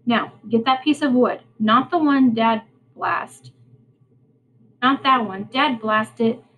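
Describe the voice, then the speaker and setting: A woman's voice: on the high side, slow, phone-quality sound, a little hiss or hum. A woman voicing a rude, bossy boy who sneers and snaps orders, reading a storybook aloud. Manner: sneering, sharp-tongued.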